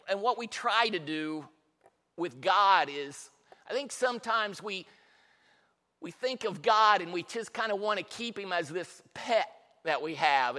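High-voiced, impassioned male preacher. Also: bright, forceful tone. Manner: impassioned storytelling with repetitions. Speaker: pastor. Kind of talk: sermon. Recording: long reverb in a large hall.

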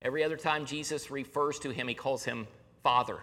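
A man's voice: medium pitch, steady tone, fairly quick. Earnest preacher man in a reverberant hall. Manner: earnest preaching, swings from raised to hushed delivery. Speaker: pastor. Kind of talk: sermon. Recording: long reverb of a large hall.

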